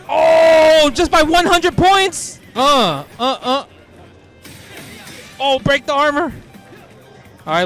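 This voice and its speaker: Male host, high bright voice, slangy excited commentary with shouts, faint music and crowd behind. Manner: hype reactions, slangy, frequent shouts. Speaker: host commentating pro players.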